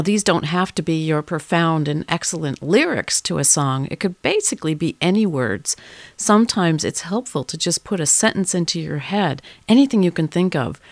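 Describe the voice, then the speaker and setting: An encouraging woman teaching a songwriting lesson, her voice sitting on the low side. She talks people through ideas in an easy, relaxed way and now and then sings short demonstration lines. The sound is close and dry, with no room around it. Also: dry recording. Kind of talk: instructional lesson with sung examples.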